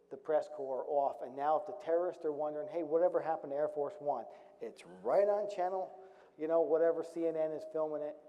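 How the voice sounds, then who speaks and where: A man's voice: fairly high pitch, mellow. A middle-aged man, a retired Marine officer, telling a serious story from his service in a storytelling talk, with wry, dry humor. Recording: dull recording with long hall reverb.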